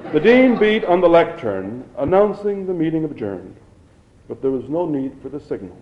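A man narrating an audiobook in a steady, measured reading. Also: fairly high pitch. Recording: dull lo-fi recording.

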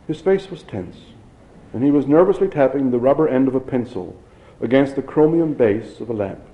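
A man narrates an audiobook in a steady, measured way. His voice sits at an ordinary middle pitch. The recording is dull and lo-fi.

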